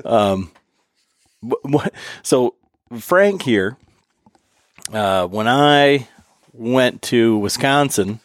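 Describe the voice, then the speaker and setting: A man's voice: mid-range voice, drawn-out words, long pauses, no room sound, studio quality. A man hosting a casual hunting podcast, telling stories and acting out quotes. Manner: animated storyteller, acts out quotes with laughs. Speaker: podcast host. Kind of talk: casual chat.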